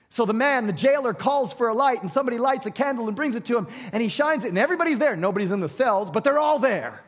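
A high-pitched male pastor telling a sermon story with flair. He rises to ringing shouts, then drops to a hush. A long reverb trails his voice, as in a large hall. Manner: dramatic storytelling, swings from loud to hushed.

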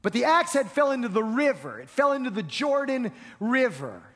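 Pastor delivering an earnest sermon, high voice, frequent restarts, long hall reverb. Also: male voice, very animated, moderate pace. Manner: earnest preaching with repeated stammered restarts.

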